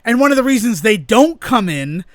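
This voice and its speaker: A man's voice: sits high, sing-song, moderate pace, no room sound, clean studio sound. A man co-hosting a podcast in casual chat, rambling enthusiastically and often laughing as he talks. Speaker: podcast co-host.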